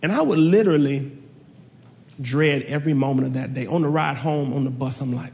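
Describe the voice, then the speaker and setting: A man preaching a sermon, telling stories animatedly and leaping up in pitch when he quotes people. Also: a little fast, gravelly. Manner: animated storytelling preacher, jumps high in pitch for quoted voices. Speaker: pastor. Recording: long hall reverb.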